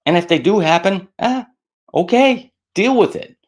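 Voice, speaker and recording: Talking at a normal speed, a middle-aged man gives easygoing stress-management advice to camera. He acts out anxious voices in a higher pitch, keeping things animated and self-mocking.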